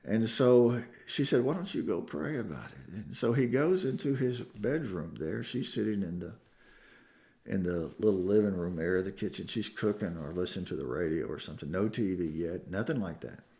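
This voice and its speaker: A man preaching a sermon, telling a story with emotion and swinging from hushed tones to loud climaxes. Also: sits low, moderate pace. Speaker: pastor. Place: church sanctuary.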